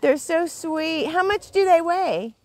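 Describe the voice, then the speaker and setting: A woman's voice: very high-pitched, lively intonation, slow. Chatty woman cooing on a dog walk. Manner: chatty, coos at dogs, laughs often. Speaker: vlogger walking her dogs. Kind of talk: casual chat. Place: outdoors on a neighborhood street.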